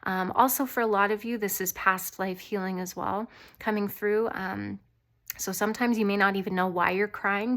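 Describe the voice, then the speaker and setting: A woman with a light voice giving an intuitive tarot reading to her viewers, earnest, reassuring and gently rambling. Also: mid-range voice. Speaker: tarot reader.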